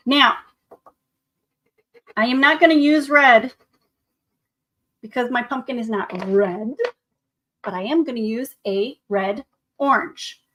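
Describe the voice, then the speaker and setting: A woman's voice: on the high side, slow pace, long pauses, a bit bright. A woman art teacher leading a painting tutorial for children, upbeat and encouraging, speaking to the viewer as to her students. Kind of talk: classroom drawing tutorial.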